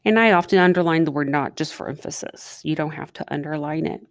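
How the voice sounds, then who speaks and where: Woman teacher, recorded math lesson, chatty, quizzes students as she writes, fairly low voice. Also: quick pace, no room sound, studio quality. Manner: chatty, asks students questions while writing.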